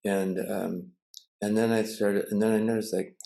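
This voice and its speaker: An older man with a gravelly, mellow, low voice tells a story. He talks haltingly, with pauses and restarts, heard through a video call mic. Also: level tone, rough recording. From United States. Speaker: Zen teacher and cook. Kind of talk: casual storytelling.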